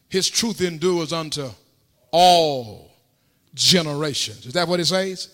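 A man preaching a sermon in a church, repeating phrases in call-and-response and rising to shouts. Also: a little high. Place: church sanctuary. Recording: long hall reverb.

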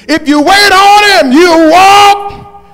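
A male pastor preaching a sermon with call-and-response, building to shouted climaxes. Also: extremely high pitch, takes it slowly, big-room sound.

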